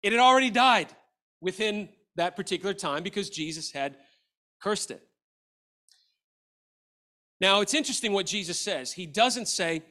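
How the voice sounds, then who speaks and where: A male pastor preaching a sermon to a church audience, animated and acting out the lines of Bible characters. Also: high-pitched, unhurried. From Australia. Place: church hall.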